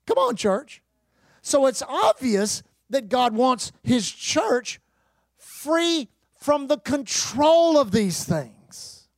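Animated preacher man, lively pitch. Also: very slow, dry recording. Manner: animated, call-and-response preaching with humor. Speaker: pastor. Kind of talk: sermon.

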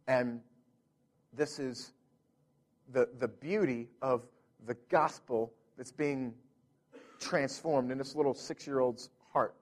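A man in his thirties, a pastor telling a family story in a sermon, earnest and full of restarts. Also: medium pitch.

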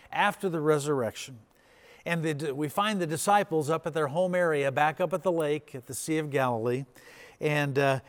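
A male pastor preaching a sermon, retelling the story and acting out the quoted dialogue with big swings in pitch and loudness.

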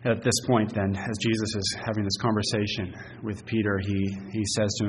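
A man's voice: on the low side, level tone, brisk. A male pastor preaching an expository sermon, earnest and emphatic, with frequent fillers and restarts. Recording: long reverb, faint hiss.

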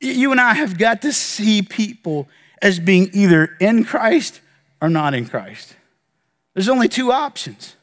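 A male pastor with a high, ringing voice delivers an earnest sermon, building lists with pointed pauses. The sound rolls through a church with a long, echoing tail. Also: big pitch swings.

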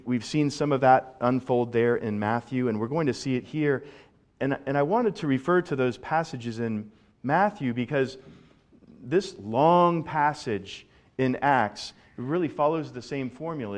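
A male pastor giving a sermon in a conversational, animated way, often repeating words as he builds a point. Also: medium pitch, moderate pace.

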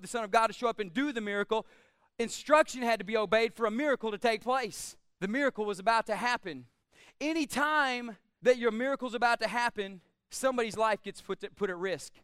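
A man delivers a sermon from the pulpit. His voice sits very high and comes through smooth and clear. He speaks emphatically and swells to shouts on his strongest points, recorded dry and up close. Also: no room sound. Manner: emphatic, rising to shouts on key phrases. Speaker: pastor.

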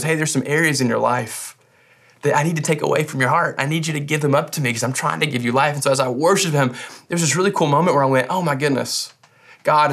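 A man preaching in an earnest, conversational way, often lifting his voice with feeling. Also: creaky. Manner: earnest, conversational, with animated rises in pitch. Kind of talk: sermon.

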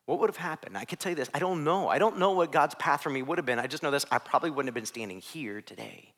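A man in his thirties from Ohio, preaching a sermon as a youth pastor, acting out voices with big swings from soft to loud. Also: fairly high pitch, expressive, quick pace.

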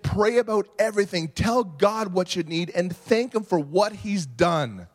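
A man preaching a sermon, animated, swinging from quiet reflection to shouting. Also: high-pitched. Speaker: pastor.

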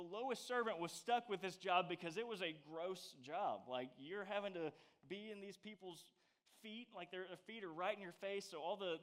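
A high-pitched male youth preacher tells stories in an animated, playful way. He exaggerates for effect and keeps the tone loose and casual.

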